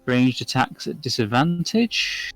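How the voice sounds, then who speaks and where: Slow-talking man running a tabletop game. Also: mid-range voice, very animated, fairly bright tone, soft background music. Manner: slow, apologetic, searching through notes. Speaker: game master.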